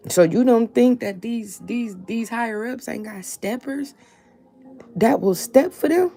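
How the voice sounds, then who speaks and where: A woman's voice: on the high side, a little slow, gravelly, mellow, soft background music. A woman hosting opinion commentary, emphatic and repeating her points for stress. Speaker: commentary show host.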